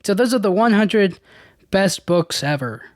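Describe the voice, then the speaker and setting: A man's voice: high voice, expressive, a little slow, no echo, clean studio sound. Rambling casual male podcast host. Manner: rambling, many restarts and fillers, casual slang. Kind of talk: casual solo podcast chat.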